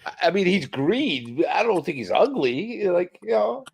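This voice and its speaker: A man joking and riffing in casual chat on a comics livestream, animated and exclamatory. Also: high voice, unhurried, vocal fry, breathy edge. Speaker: co-host.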